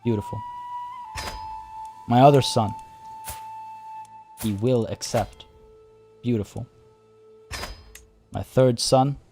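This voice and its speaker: A man's voice: mid-range voice, huge pitch swings, takes it slowly, pauses often, faint music behind. Chatty man streaming a strategy game. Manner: chatty, reads chat aloud and thinks out loud. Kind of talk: live game streaming commentary.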